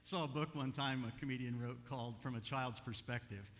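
An older man preaching a sermon as pastor, animated, moving between quiet asides and loud urging. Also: mid-range voice, brisk, big-room sound, slight background noise.

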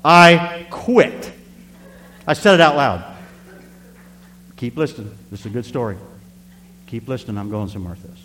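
Guy preaching a story to the church, lively, echoey hall, low hum behind. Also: fairly quick, pauses often. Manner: animated, talks straight to the congregation. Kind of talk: sermon storytelling. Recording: reverberant hall with faint hum.

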